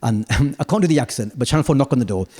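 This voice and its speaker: A male stand-up comedian telling stories on a large theatre stage, punchy asides building to shouted rants. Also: mid-range voice, expressive, very fast, breathy edge.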